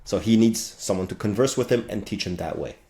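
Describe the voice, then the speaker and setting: A man in his late thirties, a guest on a podcast, speaking casually and animatedly, firing out thoughts in quick bursts with playful sound effects. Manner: animated, talks fast in bursts with sound effects like bam and boom. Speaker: guest, fractional CTO.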